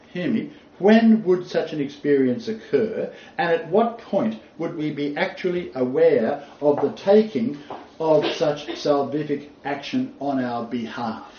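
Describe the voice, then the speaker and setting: In a roomy, distant, dull lo-fi recording, a man teaches a small group about the Bible, repeating his main phrases and speaking with emphasis. His voice is fairly high with a dark tone.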